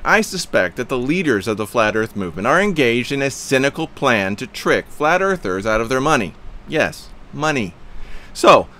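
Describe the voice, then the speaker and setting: A man hosting a Christian podcast, reading his own written rant aloud with asides, emphatic and preachy, quick to laugh at himself. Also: mid-range voice, fairly bright tone.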